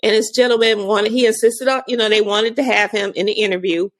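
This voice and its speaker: A woman guest and autism advocate, telling lively stories about her son in a casual conversation, laughing often. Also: medium pitch, fairly quick. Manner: animated storyteller, laughs often.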